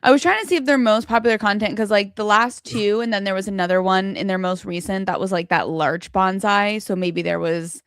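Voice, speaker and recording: Female co-host, gravelly fry, casual, dry close mic. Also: medium pitch, a little fast, hardly any pauses, a bit bright, no room sound. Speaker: co-host reviewing channels. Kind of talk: live stream channel review.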